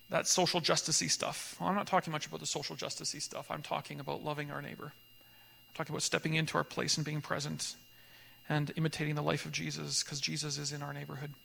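A man leading a church group, telling a story in a lively conversational way and acting out the voices of people in it. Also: fairly high pitch, fast, vocal fry, big-room sound. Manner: animated storyteller, acts out dialogue, laughs often. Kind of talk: conversational teaching talk with storytelling.

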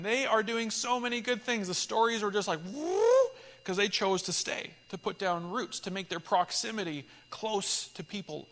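A man preaching a sermon, earnest and animated, swinging to loud emphatic peaks as he tells stories. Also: high-pitched, in a large hall. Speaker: pastor.

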